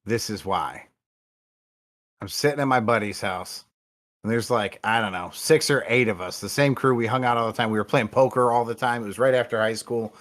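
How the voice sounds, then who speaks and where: A man's voice: medium pitch, a little fast, fairly bright tone. A man co-hosting a podcast, telling a story in a blunt, casual, profane way. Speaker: podcast co-host.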